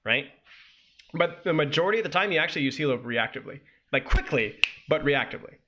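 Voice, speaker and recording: A man's voice: a little high, expressive, fast, dull audio, noisy background. A man coaching as he reviews a gameplay guide on stream, ranting and critiquing with sudden incredulous outbursts.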